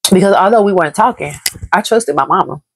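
A woman's voice: fairly low pitch, fast talker, vocal fry, slight background noise. A woman from Dallas, telling a painful personal story on her vlog in a heavy, repetitive, grief-laden way. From Dallas, Texas. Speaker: vlogger. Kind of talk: emotional story time.

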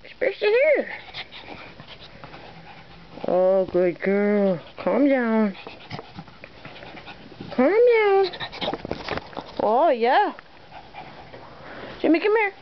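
Pet owner, woman, high coaxing sing-song; dull camcorder sound, faint hiss. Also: sing-song, drawn-out words, pauses often. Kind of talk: talking to her dog while grooming. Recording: dull home video with faint noise.

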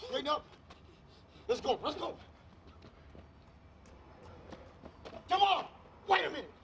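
A man playing a frantic, high-pitched street hustler. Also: expressive, brisk, creaky, highs cut off, background noise, exaggerated voice. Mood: scheming. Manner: frantic, cursing, talks to himself. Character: panicky young male street hustler. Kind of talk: low-budget comedy film acting. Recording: film audio with music underneath.

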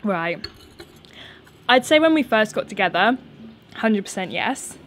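Young woman, twenties, outdoor garden vlog, chatty and giggly, mid-pitched. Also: animated, measured pace, a little hiss or hum. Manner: chatty, laughs often, nervous energy. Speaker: YouTuber answering viewer questions. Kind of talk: casual unscripted chat.

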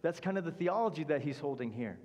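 A man's voice: a little high, animated, quick pace, darkish tone, muffled recording. Man preaching a sermon in a reverberant church. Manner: conversational preaching, acts out characters' speech with fillers like "like". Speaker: pastor. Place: church sanctuary.

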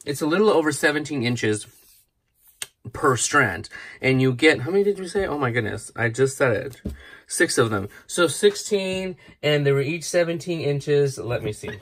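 A man's voice: on the high side, animated, normal speed, fairly bright tone. A man hosting a casual craft tutorial, chatty and rambling, correcting himself as he demonstrates. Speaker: craft channel host.

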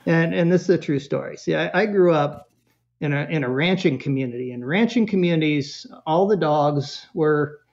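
A man speaking as a parenting expert guest in a casual interview, telling animated, humorous stories. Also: on the high side, normal speed, gravelly, lo-fi sound.

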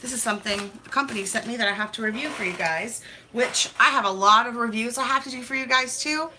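A woman's voice: fairly high pitch, fast talker, sharp tone, slight background noise. A young woman vlogging as she opens mail, talking in a hyper, chatty, gushing way. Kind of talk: casual mail-opening vlog.

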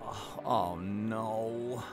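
A man's voice: lowish voice, drawn-out words, soft background music. A man acting a nervous, forgetful husband in a comedy sketch, stammering over excuses. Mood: flustered.

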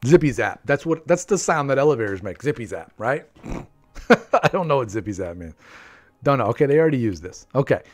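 Goofy dad streaming a game from home, keeps repeating stuff and laughing, desk mic. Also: male voice, medium pitch, big pitch swings, brisk, faint music behind. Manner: playful, chatty, repeats himself, laughs often. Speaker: livestream gaming host. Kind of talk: live gameplay commentary. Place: home room.

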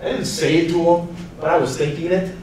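A man in his forties tells students a story as their teacher, growing loud and then hushed. His voice sits a touch high, echoing around a school hall from a mic some way off, with faint noise behind. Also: fairly quick. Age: 40s. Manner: animated, swings from loud to soft. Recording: echoey room, mic far off, faint noise.

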